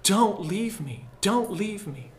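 Guy reading as a frail little kid, soft and slow and pleading, kinda timid, voice pushed up higher. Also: big pitch swings, a little hiss or hum, heavily acted. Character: frail, timid little boy who cannot walk.

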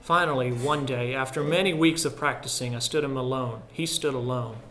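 A man narrating a literary story in a measured, reflective way. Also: mid-range voice. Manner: measured and reflective, dropping softer at solemn lines. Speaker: audiobook narrator.

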